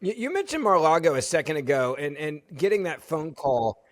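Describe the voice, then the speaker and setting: A man's voice: a little high, sing-song, a little fast. Man asking casual questions. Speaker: co-host. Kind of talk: political interview.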